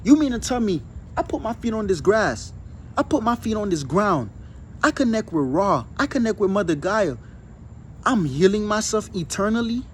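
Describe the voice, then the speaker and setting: Man, high voice, emphatic preachy spiritual talk, faint outdoor hiss. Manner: chanting affirmations. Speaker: spiritual speaker. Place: outdoors on grass.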